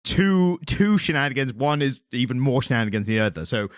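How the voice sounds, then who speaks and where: A man co-hosting a casual comics podcast, retelling plots in an animated, jokey way. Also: medium pitch, fairly quick, no echo, clean studio sound. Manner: animated, jokey storytelling with restarts. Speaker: podcast co-host. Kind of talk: casual chat about comics.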